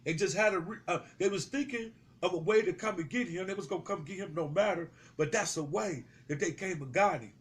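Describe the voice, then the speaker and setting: Young guy w a high voice going off, cussing a lot, street commentary rant. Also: brisk, few pauses. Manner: heated, confrontational, swearing, repeating himself. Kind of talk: profane street commentary to camera.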